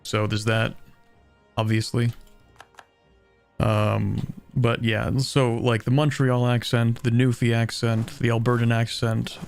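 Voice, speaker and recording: A man's voice: mid-range voice, gravelly, a little mellow, clean tone. A young man from southern Ontario with a Canadian accent, streaming a strategy game, chatting casually, thinking aloud and poking fun at himself. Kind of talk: casual gameplay commentary, reading chat.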